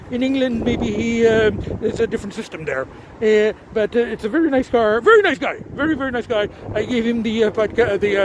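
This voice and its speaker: A man's voice: extremely high pitch, background noise. An older man chatting casually in a vlog, rambling with lots of fillers and restarts, talking from inside his car. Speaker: vlogger. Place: inside a car at a tire shop.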